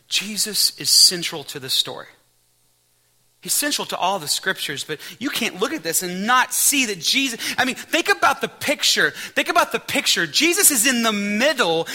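This is a man preaching a sermon in a high voice with a piercing brightness. He drives his points home by repeating key phrases, and he moves between scripture reading and prayer. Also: poor audio. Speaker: pastor.

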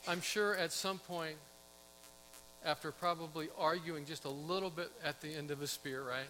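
A man's voice: a little high, fairly even intonation, moderate pace, bright, forceful tone, long reverb tail, a little hiss or hum, rough recording. A man pastor preaching a conversational sermon, asking his congregation questions and acting out quotes.

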